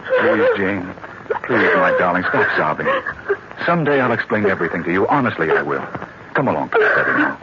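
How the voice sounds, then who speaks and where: An actor playing a brooding, secretive gentleman of the house, with a low, earnest 1940s radio-acting delivery. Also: huge pitch swings, brisk. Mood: tender. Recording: muffled, hissy old radio recording.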